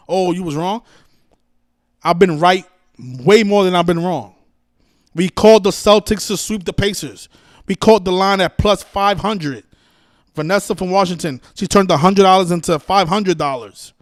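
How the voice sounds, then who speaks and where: A man with a high voice hosts a livestream, scolding his viewers in an exasperated, profane rant full of restarts and repeated words. He speaks at normal speed, and the recording is dry with clean studio sound.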